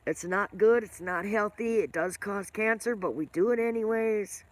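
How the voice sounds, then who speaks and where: A woman's voice: mid-range voice, moderate pace, dry recording. Chatty older woman with a smoker's cough. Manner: rambling, chatty, answers viewer comments by name. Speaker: live-stream host. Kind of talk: casual live-stream chat with viewers.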